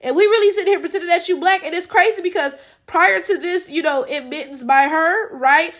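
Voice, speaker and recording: A woman's voice: extremely high pitch, fairly quick, a bit bright. A woman giving blunt, profane, incredulous reaction commentary full of rhetorical questions. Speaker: reaction channel host.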